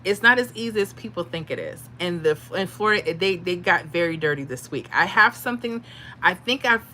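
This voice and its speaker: Her voice is fairly low, bright and forceful, with slight background noise behind it. On a casual livestream where she gives lottery picks, this woman chats with viewers, reads their comments out loud and drops in emotional asides.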